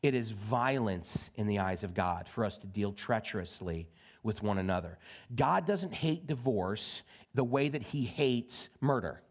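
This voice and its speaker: A male pastor preaching a sermon in an animated way, slipping in joking asides. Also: fairly low pitch, measured pace.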